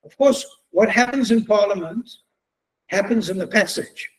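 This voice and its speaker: High-voiced man telling anecdotes. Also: normal speed, low-quality recording. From South Africa. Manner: chatty, joking storyteller. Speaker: guest speaker. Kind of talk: humorous anecdotal talk. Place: synagogue event hall.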